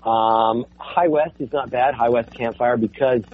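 A man's voice: medium pitch, steady tone, measured pace. A man who is a voice actor, chatting casually on a podcast with many restarts and frequent laughs. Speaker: voice actor guest. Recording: slightly dull audio with faint noise.

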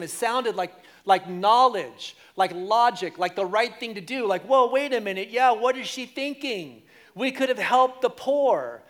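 Male pastor, high-pitched, casual animated sermon delivery with acted-out quotes. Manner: conversational, animated, acts out quotes of congregants.

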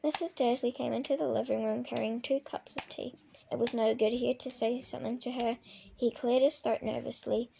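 Woman reading a book aloud, mellow and gravelly, stumbles and restarts. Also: on the high side, steady tone, fairly quick, a little hiss or hum. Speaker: reader.

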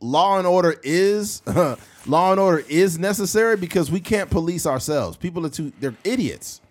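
Man, podcast host, casual profane banter, fairly high voice, animated pitch. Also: normal speed. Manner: loose, profane, joking.

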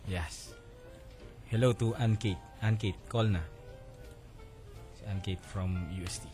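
A man's voice: lowish voice, steady tone, measured pace, a little mellow. Filipino man, radio DJ, loose banter, music bed audible. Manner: chatty, mixes English and Tagalog.

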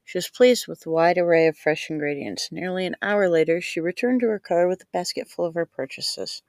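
A woman narrating a novel aloud in a measured, unhurried manner. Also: lowish voice, darkish tone, no echo. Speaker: audiobook narrator. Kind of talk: scripted narration.

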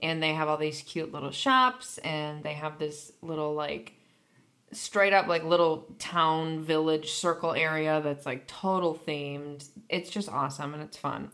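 A woman's voice: low-pitched, unhurried, a bit bright. An American woman from Michigan co-hosting a podcast, chatting in a laid-back, rambling way. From Michigan, USA. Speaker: podcast co-host. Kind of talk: casual chat.

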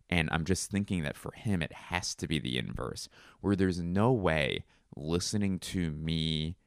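A man's voice: a bass voice, gravelly, no echo, studio quality. A young man hosting a solo comedy podcast, rambling through crude, self-mocking riffs. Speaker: podcast host.

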